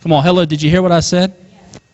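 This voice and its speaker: A young man preaching a sermon as pastor, animated, calling out to his congregation and chuckling often. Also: fairly high pitch, fast, dull audio.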